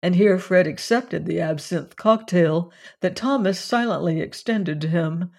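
Measured storyteller reading a short story as an audiobook. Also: medium pitch, vocal fry, a little mellow. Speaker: narrator.

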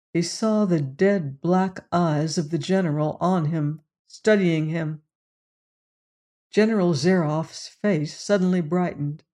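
A storyteller reading a classic short story aloud. The delivery is unhurried and measured, with a mid-range pitch throughout. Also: a little mellow. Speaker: narrator. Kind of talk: audiobook narration of a short story.

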